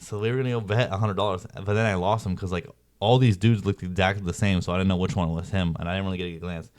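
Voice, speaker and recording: A man's voice: sits low, fairly even intonation, fast, darkish tone, no room sound, studio quality. A young man telling a story in a rambling, slangy way, peppered with "bro" and "like". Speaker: vlogger. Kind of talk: casual storytelling.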